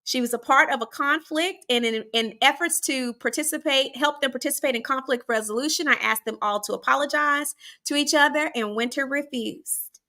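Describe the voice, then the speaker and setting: A stern female school principal scolds a pupil in a firm voice, as a woman acts her out while telling a story. She speaks in a high, bright voice. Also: moderate pace. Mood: formal.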